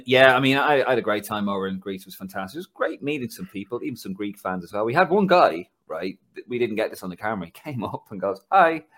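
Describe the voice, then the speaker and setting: Lively chatty Dublin Irish man. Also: medium pitch. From Ireland. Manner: chatty storyteller, laughs through anecdotes. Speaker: podcast host. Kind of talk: casual podcast chat.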